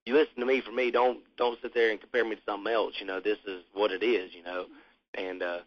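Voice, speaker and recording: A man's voice: lowish voice, flat delivery, quick pace. A man being interviewed about his band, talking in a rambling, laid-back way with casual swearing. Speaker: musician interviewee. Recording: muffled lo-fi recording.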